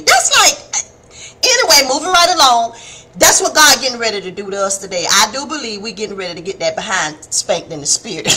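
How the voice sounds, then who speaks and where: A middle-aged woman, preaching a folksy, animated devotional sermon on a live stream and calling her listeners baby and honey. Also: a little high, noisy background. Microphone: phone or webcam on a live stream.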